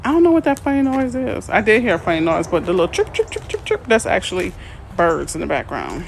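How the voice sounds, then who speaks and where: A woman realtor chatting casually on a live stream, reading out viewer comments and answering them in a chatty, excitable way. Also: lowish voice, fast talker, gravelly, slight background noise. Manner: chatty, excitable, easily emotional. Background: birds chirping faintly.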